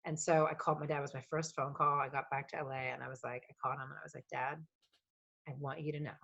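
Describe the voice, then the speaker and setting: Woman, low voice, podcast guest, animated, emotional, swears freely, rambling stories. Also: rapid-fire, gravelly, lo-fi sound. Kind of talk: casual storytelling conversation.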